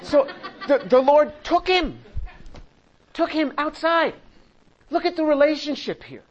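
High-voiced older man teaching scripture. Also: expressive, a little slow, lo-fi sound, some chatter behind. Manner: conversational, acts out quoted voices with chuckles. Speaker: Bible teacher and chemist. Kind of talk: Bible study teaching.

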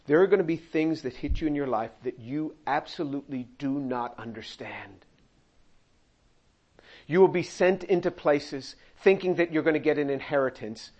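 A man's voice: fairly high pitch, moderate pace, a little mellow, lo-fi sound. A man preaching a sermon, reading scripture aloud and acting out the quoted lines with humor. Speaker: pastor.

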